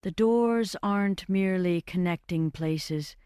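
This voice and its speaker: A man's voice: high-pitched, a little slow, darkish tone, smooth, dry recording, clean studio sound. A narrator voicing an old male professor with a German accent, speaking carefully and hesitantly. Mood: pondering.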